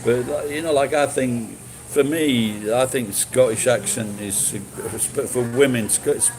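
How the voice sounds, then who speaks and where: A man's voice: medium pitch, measured pace, background noise. Casual sweary man, rambling with many false starts. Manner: rambling, sweary, frequent restarts. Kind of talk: casual chat.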